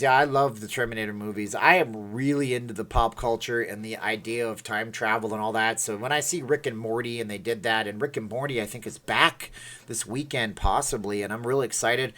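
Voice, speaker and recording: A man's voice: medium pitch, a little fast, sharp tone. Chatty middle-aged man hosting a livestream. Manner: playful, rambling, laughs at himself. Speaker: livestream host. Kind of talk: casual livestream chat.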